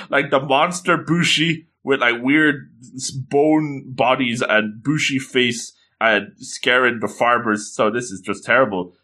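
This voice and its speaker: A man reads a comic chapter aloud to his listeners, breaking off to joke about it. His voice is bright and forward, with a casual, playful lilt. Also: mid-range voice, steady tone, slow. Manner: playful, joking, fond of the same exclamation; acts out the characters with changing voices. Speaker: reader reviewing a comic chapter. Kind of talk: casual comic read-along with commentary.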